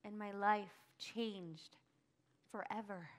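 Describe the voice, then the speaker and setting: A woman acting a grieving early follower in a first-person dramatic monologue, telling it breathlessly and crying out in high bursts. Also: fairly even intonation, takes it slowly, natural voice. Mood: wondering. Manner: emotional, breathless storytelling, cries out in high bursts. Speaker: church dramatic monologue performer.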